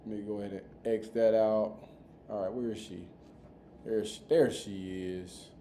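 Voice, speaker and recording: A man hosts a casual reaction podcast. He talks loose and slangy, doubling back on his words. His voice is mellow, and his room echoes around him. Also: fairly low pitch, steady tone, normal speed, a little hiss or hum. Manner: laid-back, slangy, repeats himself. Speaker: podcast host reacting to videos. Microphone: streaming mic.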